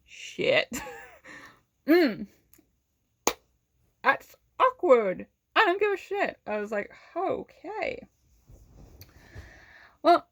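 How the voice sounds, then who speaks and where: A young woman vlogger telling a personal story casually, animated, swearing often and filling her talk with "like", laughing between lines. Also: high voice, drawn-out words, long pauses, no echo. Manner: many fillers of "like".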